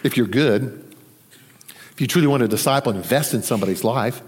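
A man preaching a sermon, conversational and animated, acting out the voices in the story. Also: medium pitch, fairly quick, long reverb tail. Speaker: pastor.

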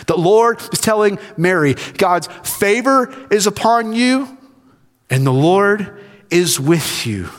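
A man's voice: a little high, long reverb tail. A man, a senior pastor, preaching a sermon earnestly and repeating key phrases for emphasis.

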